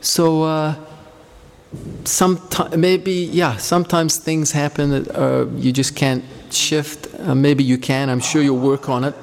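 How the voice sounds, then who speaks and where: A man's voice: on the high side, flat delivery, unhurried, vocal fry, in a large hall. A man leading a devotional group, talking informally and telling rambling anecdotes between questions. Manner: rambling, anecdotal, warm storytelling.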